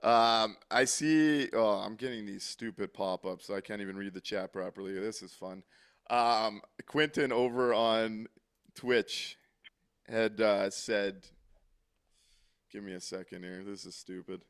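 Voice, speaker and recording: A man's voice: on the low side, a little slow, smooth. A man co-hosting a call-in hockey post-game show, talking bluntly in casual chat, exasperated and swearing freely.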